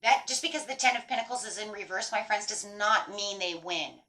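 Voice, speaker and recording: A woman's voice: mid-range voice, fairly quick, pushed and bright, low-quality recording. A woman giving a tarot reading in a blunt, emphatic way, swearing freely as she talks straight to her viewers. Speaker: tarot reader.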